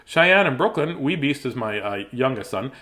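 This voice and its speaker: A man's voice: mid-range voice, sing-song, normal speed, pushed and bright. Playful, sing-song man hosting a live stream. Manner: playful, greets viewers by name, sing-song asides. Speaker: host reading bedtime stories to kids. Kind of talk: casual live-stream chat.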